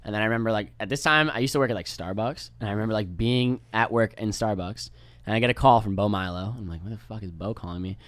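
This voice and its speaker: Fast-talking young man, casual storytelling. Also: lowish voice, a bit bright, no room sound. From New York. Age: young adult. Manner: rambling, laid-back, swears freely and mimics others. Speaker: podcast guest.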